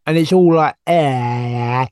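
A man, co-hosting a comedy podcast and telling rambling, crude tall tales deadpan. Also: mid-range voice, slow, clean tone, no echo, clean studio sound. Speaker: podcast co-host. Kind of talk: comic storytelling.

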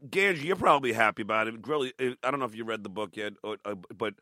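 A man's voice: mid-range voice, racing, pushed and bright, no echo. A man telling blunt, profane stories in casual chat, swearing and restarting his sentences.

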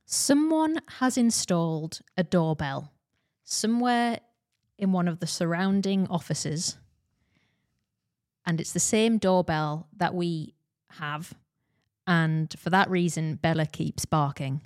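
A woman's voice: on the low side, takes it slowly, a little mellow. A woman co-hosting a podcast, chatting casually and giggling. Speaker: podcast co-host and editor.

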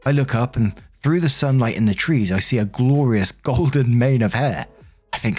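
A man's voice: medium pitch, moderate pace, a little mellow, husky, soft background music. Amused man reading a story aloud. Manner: amused, laughs along with the story. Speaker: storyteller reading a Reddit post.

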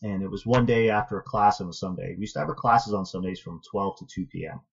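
Husky low-voiced man telling a story. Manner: earnest, thoughtful, measured. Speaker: interview guest, martial arts student. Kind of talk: reflective personal storytelling. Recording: dull lo-fi audio.

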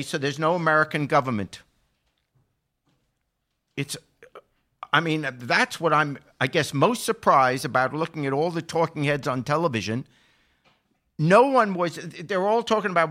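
An older man giving political commentary as a show regular, building from calm remarks to impassioned, indignant emphasis. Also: on the high side, a little slow. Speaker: podcast regular.

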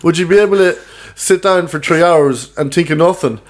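A man's voice: on the high side, normal speed. Irish man telling pub stories. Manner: rambling storyteller, laughs often. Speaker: podcast co-host. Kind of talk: casual pub chat.

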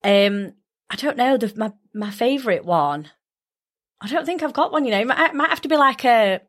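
A woman's voice: a little high, lively intonation, moderate pace, a bit bright. Chatty South Yorkshire woman co-host. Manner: chatty, reads out comments with laughs. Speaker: podcast co-host. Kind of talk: casual podcast chat.

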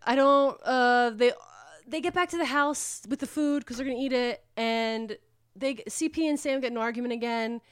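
Woman podcaster rambling through a book plot, kinda high voice, dry close sound. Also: normal speed, clear, resonant tone, no room sound. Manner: rambling, animated plot recap with swearing. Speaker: podcast co-host retelling a book. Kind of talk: casual chat.

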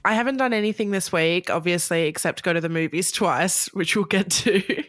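A woman's voice: fairly low pitch, moderate pace, fairly bright tone, no echo, studio quality. A woman co-hosting a pop culture podcast, chatting casually and telling rambling anecdotes with easy laughs, a little under the weather. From Australia. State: a bit sick. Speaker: podcast co-host. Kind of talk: casual chat.

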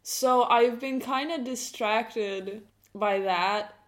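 A woman co-hosts a laid-back podcast conversation. She talks slowly and teases her partner, breaking into laughter often. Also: a little high. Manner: teasing, laughs easily, unhurried. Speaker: podcast co-host. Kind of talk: casual chat.

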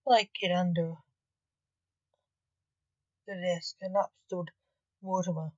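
Slow-reading woman storyteller. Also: fairly low pitch, fairly even intonation, darkish tone, dry recording. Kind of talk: storybook narration. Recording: dull, dry lo-fi recording.

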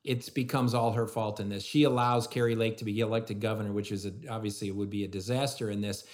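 A man's voice: fairly low pitch, steady tone, quick pace. A man commentator giving blunt political opinions in conversation. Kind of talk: political chat.

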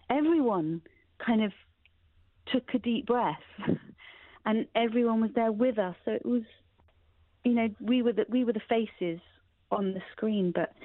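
A woman's voice: medium pitch, no echo. A middle-aged woman, an interview guest, speaking earnestly and emotionally, often restarting her sentences. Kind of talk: reflective interview talk. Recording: tinny phone-like sound, dry.

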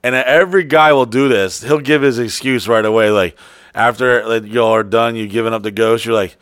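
A man's voice: mid-range voice, steady tone, a little fast, a bit bright, clear, resonant tone, no room sound, studio quality. A man telling a crude story in casual chat, profane and rambling, full of fillers and restarts.

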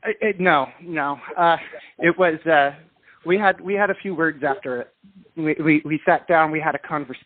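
A man from England calls in as a guest and talks in an animated, self-deprecating rush, often restarting his sentences. His voice sits fairly high. It comes through a tinny, narrow phone line. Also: normal speed, dry recording. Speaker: guest singer and dancer. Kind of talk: casual storytelling over the phone. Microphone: telephone.

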